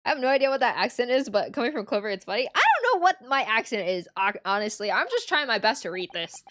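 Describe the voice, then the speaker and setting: A woman's voice: fairly high pitch, big pitch swings, fast, hardly any pauses, fairly bright tone. A woman streamer making casual, self-mocking asides while playing a game.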